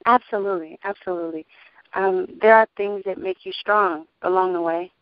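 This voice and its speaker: A woman gospel singer and label owner talking casually in an interview, animated and testifying, laughing often. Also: mid-range voice, normal speed, smooth, dry recording. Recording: muffled dry sound.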